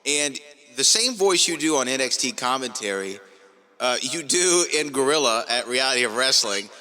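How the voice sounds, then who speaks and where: An easygoing man co-hosts a podcast in relaxed, conversational talk. His voice is strongly bright and sits at a middle pitch. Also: normal speed. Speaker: podcast co-host. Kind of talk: casual podcast chat.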